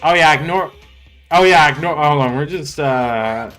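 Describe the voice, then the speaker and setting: A man's voice: a little high, normal speed, fairly bright tone, soft background music. A young man livestreaming a game, rambling, laughing and swearing casually. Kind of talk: casual gaming livestream chat.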